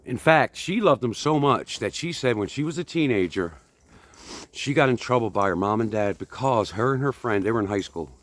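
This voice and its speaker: A man's voice: mid-range voice, lively intonation, moderate pace. A man in his fifties from the United States, chatting casually while walking outdoors on a hike. He rambles and pokes fun at himself, a little out of breath. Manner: rambling, chatty, self-deprecating. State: slightly out of breath. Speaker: vlogger.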